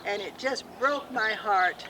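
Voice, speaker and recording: An older woman outdoors in a backyard, chatting and telling an anecdote to family on a home video, animated when she quotes herself. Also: medium pitch, slow pace, background noise. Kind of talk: casual home video chat. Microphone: home video camera.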